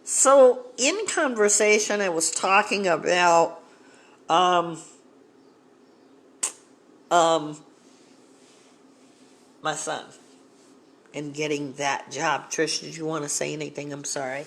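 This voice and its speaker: A podcast host speaking in a measured, encouraging way, inviting guests to share and reflecting on a personal story. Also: medium pitch, a bit bright. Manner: measured, encouraging, with short backchannels. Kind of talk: casual talk-show hosting.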